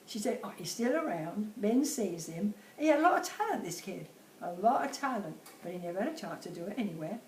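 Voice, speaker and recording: A woman's voice: mid-range voice, sing-song, fairly quick, darkish tone. Elderly Cockney woman, chatty interviewee who laughs easily; distant mic in an echoey room with faint background hum. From Bermondsey, London. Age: about 80. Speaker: interviewee, host's mother. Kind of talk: casual chat. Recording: roomy, off-mic with faint ambience.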